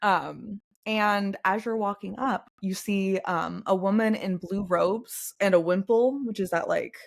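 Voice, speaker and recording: A woman's voice: mid-range voice, unhurried, creaky. Rambling young woman game master. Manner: rambling, filler-heavy, giggly. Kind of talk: narrating a tabletop game.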